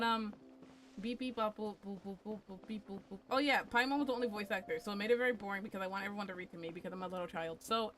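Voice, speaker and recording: A woman's voice: medium pitch, a bit bright. A woman streaming a game, chatting casually with crude, playful jokes and talking to herself. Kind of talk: casual gaming commentary.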